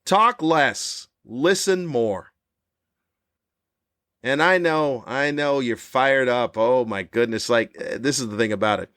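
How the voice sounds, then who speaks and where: A man in his fifties hosting a podcast, delivering a cranky comedic monologue with animated, ranting jabs. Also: takes it slowly, no echo, clean studio sound. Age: 50s. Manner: animated, ranting, with sudden high-pitched jabs. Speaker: podcast host.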